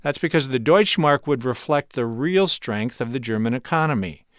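A male radio correspondent reading a scripted news report in a measured, clear delivery. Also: mid-range voice, animated, no room sound, clean studio sound.

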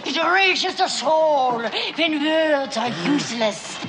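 An actress playing a stern, secretive older castle housekeeper with a German accent, speaking in an intense, dramatic, drawn-out way in a film scene. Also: female voice, sits high, expressive. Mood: fervent. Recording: film soundtrack with background noise.

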